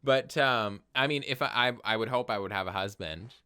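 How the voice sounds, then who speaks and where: A young man co-hosting a podcast in casual chat, animated and quick to laugh, swearing casually. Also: fairly low pitch, smooth. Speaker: podcast co-host.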